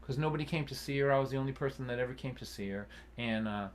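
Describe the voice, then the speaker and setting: A man in his sixties telling a personal story at a concert, earnest and halting, with restarts and an occasional cough. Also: mid-range voice, a little hiss or hum. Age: 60s. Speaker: folk singer and storyteller.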